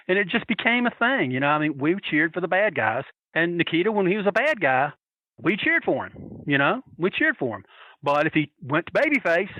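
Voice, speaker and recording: A man telling wild stories as a podcast guest, animated and profane, laughing his way through them. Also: a little high, no room sound, muffled recording. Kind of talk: casual storytelling.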